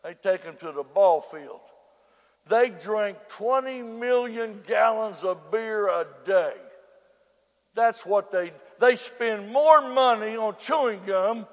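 A man preaching a hellfire sermon, dropping to hushed murmurs and then breaking into fervent shouts. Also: sits high, slow. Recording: long reverb of a large hall.

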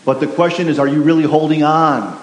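A pastor preaching a sermon, emphatic and repetitive, putting questions to the congregation. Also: male voice, a little high, fairly even intonation, brisk. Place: church sanctuary. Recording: echoey hall with faint hiss.

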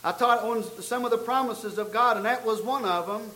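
High-voiced bright male preacher. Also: normal speed, reverberant, low-quality recording. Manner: storytelling preacher, building to loud emphatic peaks. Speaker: pastor. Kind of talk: sermon.

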